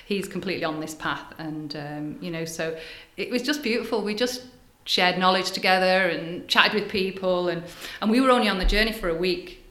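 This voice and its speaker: Older woman healer, animated storyteller with a bright voice, recorded in a roomy space. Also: fairly low pitch, moderate pace, hardly any pauses. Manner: animated, breathy storyteller, drops to hushed asides. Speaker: spiritual healer, guest. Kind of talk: casual storytelling interview. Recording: echoey room.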